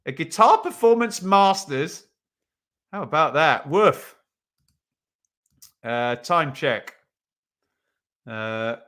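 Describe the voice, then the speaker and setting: This young streamer's voice is fairly high-pitched and sharp. During his live football watch-along he chats away, reading viewers' comments aloud with many "um"s along the way.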